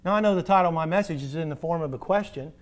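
A man delivers a sermon as pastor in a notably high voice. He hammers his points with rhetorical questions like "don't we?" and alternates loud, stressed words with drawn-out, quiet phrase endings. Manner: emphatic preaching with rhetorical questions.

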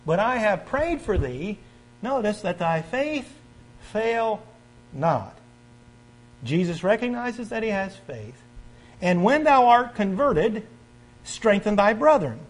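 A man preaching a sermon, reading scripture aloud and swinging from forceful stresses to quiet, earnest stretches. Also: very animated, slow pace, pauses often, low-quality recording. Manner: emphatic, swings between loud stresses and quiet earnest lows; reads scripture aloud and invites the congregation to turn pages.

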